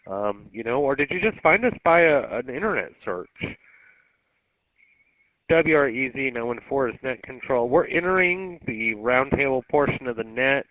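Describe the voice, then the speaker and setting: A man's voice: mid-range voice, lively intonation, normal speed, dry recording. Man hosting a radio net over tinny audio. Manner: rambling, folksy, lots of ums and uhs. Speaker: net control host of a radio net. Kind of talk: casual on-air radio chat.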